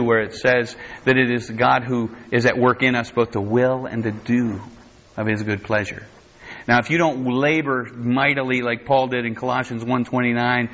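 On a dull lo-fi recording, a man teaches a sermon verse by verse: he reads the King James text aloud and then restates it in plain words. His mid-range voice has a fairly bright tone, and he frequently restarts sentences and corrects himself.

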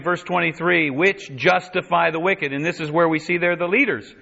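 Guy preaching a sermon, reads scripture verse by verse with dry little asides, bright forceful voice, kinda dull muffled recording. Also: a little high, steady tone, moderate pace, gravelly. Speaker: pastor.

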